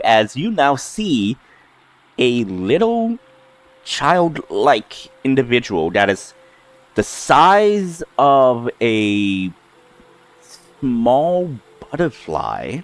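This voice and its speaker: A man's voice: mid-range voice, sing-song, extremely slow. A man narrating as game master in a tabletop game, rambling with many fillers.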